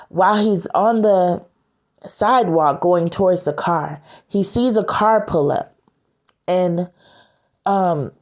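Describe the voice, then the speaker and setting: Brief: woman recounting a scene, hesitant and unhurried, dark mellow tone. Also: lowish voice. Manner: hesitant, many filler sounds. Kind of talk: casual retelling of a story scene.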